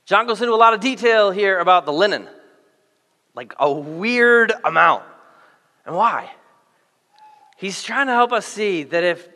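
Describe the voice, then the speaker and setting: Male pastor, playful and animated, bright forceful tone, long hall reverb. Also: high voice. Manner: animated, playful, acts out quick voices for biblical characters. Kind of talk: sermon.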